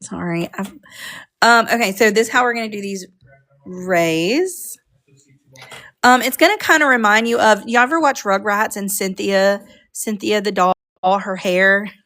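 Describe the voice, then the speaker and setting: Woman, art teacher, casual live-stream chat, middle pitch. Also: measured pace, fairly bright tone. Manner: chatty, talks to viewers while working. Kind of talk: casual live coloring class.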